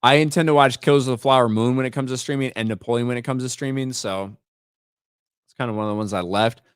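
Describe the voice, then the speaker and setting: A man's voice: medium pitch, fast talker, clear, resonant tone, no echo, studio quality. A male livestream host in casual commentary. He is blunt and profane, repeats words as he starts sentences, and reads chat names aloud. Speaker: host of a live stream.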